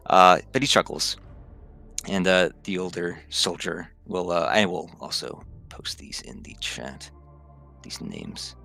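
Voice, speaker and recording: A man narrates a tabletop game as game master, halting and full of restarts. His voice is very deep and gravelly, with a bright, forceful tone. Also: lively intonation, soft background music. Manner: halting, many fillers and restarts.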